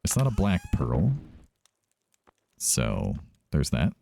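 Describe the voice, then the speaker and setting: A man's voice: extremely low pitch, huge pitch swings, slow, vocal fry, background noise. A man hosting a let's play, giving casual gameplay commentary, chatty and thinking aloud as he often corrects himself.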